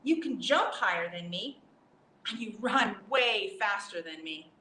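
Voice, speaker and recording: A woman's voice: mid-range voice, animated, a little slow, bright, forceful tone, voice pushed down. A woman doing a sweet, eager storybook turtle. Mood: friendly. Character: kind, modest little turtle friend. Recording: roomy, distant mic, faint hiss.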